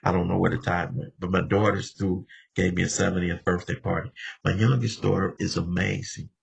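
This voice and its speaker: Gravelly low-voiced man in his seventies. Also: little pitch movement, fairly quick. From Los Angeles. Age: 70s. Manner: conversational storytelling, often addressing the room directly. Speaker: speaker at a recovery meeting. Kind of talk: personal recovery share.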